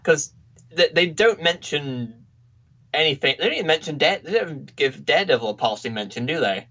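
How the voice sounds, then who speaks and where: A man co-hosting a casual review podcast, easygoing and a little hesitant, quick to laugh. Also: fairly high pitch, expressive, fairly bright tone. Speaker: podcast co-host. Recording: dull lo-fi recording.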